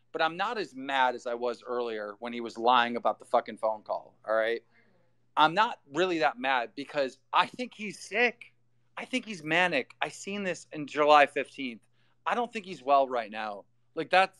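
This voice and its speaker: Sarcastic man with a bright, dry voice. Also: fairly high pitch, clear, resonant tone, no room sound. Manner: mocking, sarcastic, combative. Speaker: online commentator. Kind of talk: heated argument in an online voice chat.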